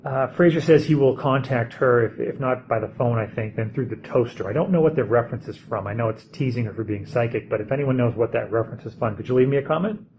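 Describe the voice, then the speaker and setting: A man's voice: medium pitch, quick pace, hardly any pauses, darkish tone, slight background noise, poor audio. A man talking casually about a TV episode, thinking aloud with fillers and restarts. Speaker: TV show reviewer. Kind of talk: casual spoken commentary.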